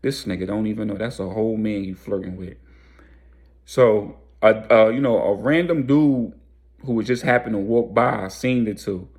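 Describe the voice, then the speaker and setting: A man's voice: fairly low pitch, moderate pace, a little mellow. Slangy man telling a story. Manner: slangy, loose, rambling. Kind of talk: casual storytime narration.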